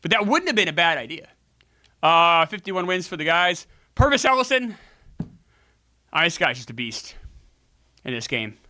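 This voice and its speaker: A man commenting over a sports video game in a loose, joking way, swearing now and then and talking straight to his viewers. His voice sits a little high, swings widely in pitch and has a bright, forceful edge. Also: sing-song, normal speed, long pauses, no room sound. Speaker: gaming show host.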